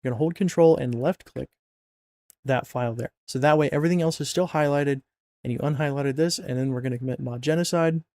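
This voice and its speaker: A man's voice: mid-range voice, quick pace, darkish tone, dry recording. A man casually talking through a mod install on a screen recording, rambling and joking with lots of fillers and self-corrections, a bit sleepy. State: yawning, sleepy. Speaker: mod install tutorial narrator.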